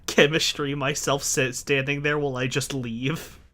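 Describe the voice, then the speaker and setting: A man's voice: mid-range voice, level tone, moderate pace, sharp tone. A man playing in a tabletop game, chatting casually and joking with laughter between lines. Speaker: player.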